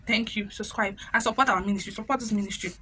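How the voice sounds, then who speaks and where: A young woman with a Nigerian accent, casually recapping a reality show with animated, chatty storytelling. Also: mid-range voice, fast, background noise. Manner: animated, chatty, slips into pidgin when quoting.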